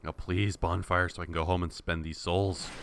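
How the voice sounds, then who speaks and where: A man's voice: deep voice, flat delivery, moderate pace, noisy background. A man giving casual, sarcastic running commentary while playing a video game, talking back to the enemies on screen. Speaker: let's-play host.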